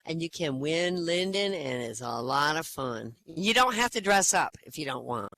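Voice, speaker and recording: A woman's voice: low-pitched, lively intonation, normal speed, a bit bright, no echo, rough recording. A woman hosting a casual online comedy night, telling jokes in a chatty, rambling way with hesitant fillers. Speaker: comedy open-mic host. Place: online virtual-world voice chat.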